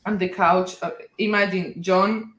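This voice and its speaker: A woman's voice: lowish voice, fairly even intonation, a little slow, fairly bright tone, reverberant, rough recording. A woman in casual chat about her daughter's birth who jumps in to add details and laughs often. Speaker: mother telling her daughter's birth story.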